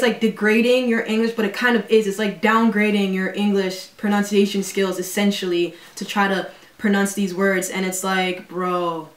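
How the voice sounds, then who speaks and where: A woman's voice: medium pitch, recorded from a distance. Slangy young woman in an echoey room. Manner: slangy, full of 'like' and 'yo', quick asides. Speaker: vlogger. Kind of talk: casual vlog. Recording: roomy echo, away from the mic.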